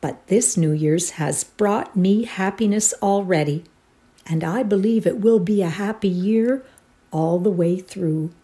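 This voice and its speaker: A woman's voice: medium pitch, a little slow, close to an everyday voice. A woman voicing a crabbed old uncle in a read-aloud story, speaking earnestly and with regret. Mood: tender. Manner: earnest, warmly apologetic. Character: gruff, remorseful old bachelor uncle.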